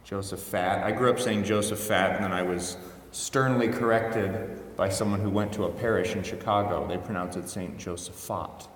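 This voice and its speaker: A priest gives a relaxed weekday homily in a low voice, chatting more than preaching, with wry asides and quick self-corrections. His words ring out through a roomy church with a long, echoing tail. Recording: echoey church hall, voice from a distance.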